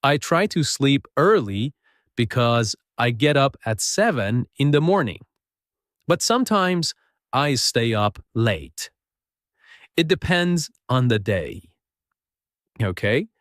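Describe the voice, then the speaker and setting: A man teaching a beginner English lesson, speaking slowly and patiently and modeling sentences for listeners to repeat. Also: mid-range voice, very animated, a bit bright, no room sound, studio quality. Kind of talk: slow, clear spoken English lesson.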